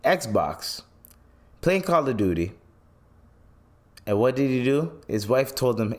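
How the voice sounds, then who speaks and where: A man's voice: mid-range voice, slow pace, long pauses. A man hosting a podcast, telling stories in a loose, profane rant and acting out the people he quotes. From Canada. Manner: animated storytelling, acts out quotes, swears freely. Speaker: podcast host. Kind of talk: casual commentary rant.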